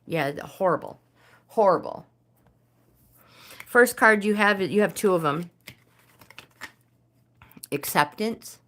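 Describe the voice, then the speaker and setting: An older woman hosting a casual live stream, reading oracle cards to viewers and often pausing to search for words. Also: mid-range voice, animated, a bit bright. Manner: hesitant, searching for words, many fillers.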